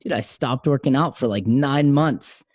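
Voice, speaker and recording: A man's voice: mid-range voice, unhurried, darkish tone, no echo. A man co-hosting a podcast, talking in a candid, laid-back way. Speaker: podcast co-host. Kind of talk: casual podcast talk.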